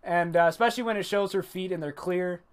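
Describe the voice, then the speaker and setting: A man casually reviewing an anime episode on a livestream, animated and profane, stopping to greet and answer chat. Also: high voice, fast, smooth.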